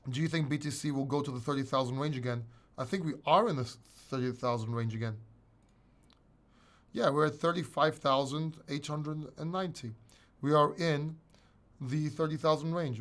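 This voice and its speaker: A man hosting a casual crypto livestream, reading and answering chat questions in a blunt, rambling way with restarts and swearing. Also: mid-range voice.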